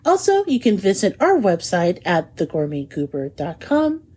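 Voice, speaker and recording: A woman hosting a food podcast in casual chat, lively, laughing often and lingering over food descriptions. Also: on the low side, normal speed, slightly rough. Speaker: podcast host.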